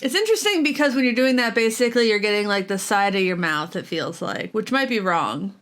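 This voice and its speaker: A woman's voice: mid-range voice, expressive, brisk, a bit bright. A woman vlogging casually about guitar gear at home, chatty and self-deprecating, with lots of fillers and giggles. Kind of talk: casual chat while practicing.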